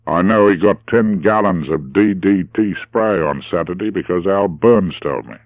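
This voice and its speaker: A man's voice: low-pitched, normal speed, dry recording, dull audio, close to an everyday voice. A man reading the lines of a friendly, teasing outback man. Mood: firm.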